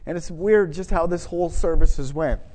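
A middle-aged man preaching a sermon, conversational and self-deprecating, building to loud emphatic moments. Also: on the high side, moderate pace. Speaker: pastor. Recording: long hall reverb.

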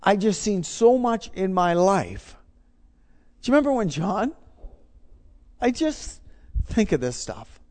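A middle-aged man with a rather high voice preaches in an emphatic, storytelling way. He drives his points home by repeating himself. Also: very animated, takes it slowly, pauses often, a little mellow. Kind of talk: sermon testimony.

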